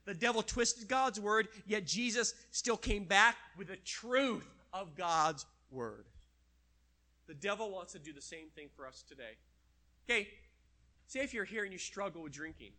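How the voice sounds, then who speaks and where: A man's voice: high-pitched, expressive, a little slow, pushed and bright. A man preaching a sermon, acting out quoted voices and dropping to a near whisper at times.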